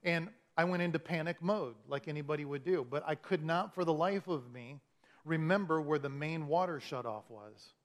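A man's voice: a little high, moderate pace. A man preaching through a funny personal story, acting out his own frustration in a self-mocking way. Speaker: pastor. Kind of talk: storytelling sermon.

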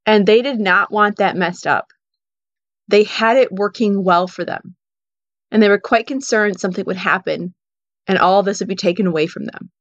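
A woman's voice: mid-range voice, moderate pace, no room sound. A woman giving a casual Bible teaching, retelling the story in a conversational way with frequent "you know" and "like". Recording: dull, dry sound.

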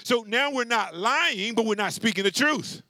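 A man preaching a sermon as pastor, animated and conversational, calling out to the congregation for responses. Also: very high voice, moderate pace, dry recording. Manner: animated, with many restarts and asides.

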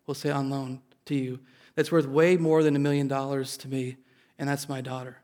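A man voicing a stern, protective middle-aged father who speaks in a grave, measured way. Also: mid-range voice, level tone, a little mellow, lightly acted.

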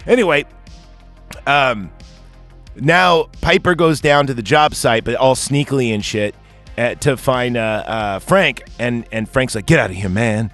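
A man's voice: mid-range voice, measured pace, fairly bright tone, soft background music. A man recapping a movie in casual podcast chat, telling the plot in a rambling, profane way with lots of fillers. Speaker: podcast co-host recapping a film.

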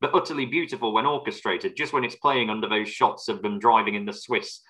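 A man's voice: fairly low pitch, brisk, fairly bright tone, rough recording. A man co-hosting a podcast, chatting casually about film songs and telling wry anecdotes. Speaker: podcast co-host.

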